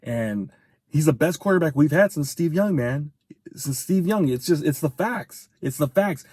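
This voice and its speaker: A man giving a heated, profane fan rant as a sports commentator, venting in rapid bursts. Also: fairly high pitch, animated, darkish tone, slightly rough, dry recording, studio quality.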